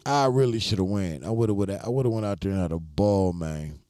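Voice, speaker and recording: A man talks loosely to his live-stream viewers, laid-back and rambling, swearing freely. His voice sits very low and mellow. The sound is close and dry, with no room around it. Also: fast talker, no echo. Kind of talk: casual live-stream chat.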